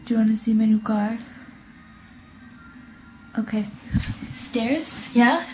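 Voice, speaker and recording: A woman's voice: on the high side, takes it slowly, mellow, roomy sound, soft background music. A teenage girl vlogging at home, chatting to the camera in a bubbly, rambling, joking way while lying on the floor, recorded on a built-in camera mic. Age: teens. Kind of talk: casual chat to camera.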